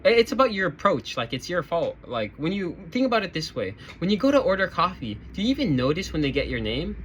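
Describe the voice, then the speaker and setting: A man's voice: fairly high pitch, sing-song, quick pace, a bit bright, slight background noise, low-quality recording. A man voicing a condescending middle-aged corporate woman who lectures in a patronizing way. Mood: lecturing.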